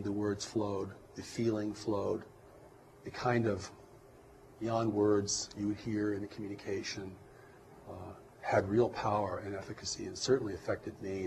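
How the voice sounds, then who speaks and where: A man speaking as an interview guest, measured and reflective, often pausing and restarting his sentences. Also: fairly low pitch, a little mellow, slight background noise. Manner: measured, hesitant, with many restarts and fillers. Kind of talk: earnest reflective interview talk.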